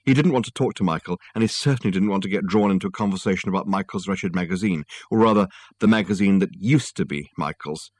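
A man narrating an audiobook in a calm, even reading voice. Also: low-pitched, quick pace, few pauses, dry recording.

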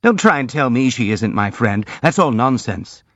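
A man's voice: mid-range voice, big pitch swings, moderate pace, dry recording, natural voice. Male reader doing a bitter, jealous young man, intense, dry and muffled audiobook sound. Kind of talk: audiobook dialogue reading.

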